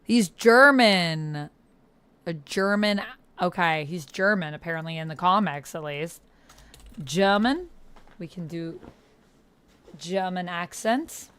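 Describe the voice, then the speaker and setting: A woman's voice: lowish voice, animated, slow pace, pauses often, fairly bright tone, smooth. A young woman streamer chatting casually with her viewers and reading their messages aloud. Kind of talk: casual livestream chat.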